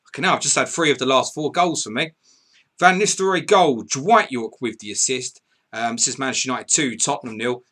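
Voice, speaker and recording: A man hosting a live fantasy football stream, excitedly reading out scores and viewer messages, swearing and laughing as he goes. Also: mid-range voice, fairly quick. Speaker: podcast host.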